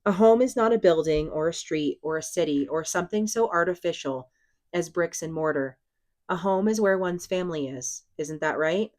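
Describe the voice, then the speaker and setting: A woman reading aloud, voicing a stern but patient father who talks in a measured, lecturing way. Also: lowish voice, a little mellow, natural voice.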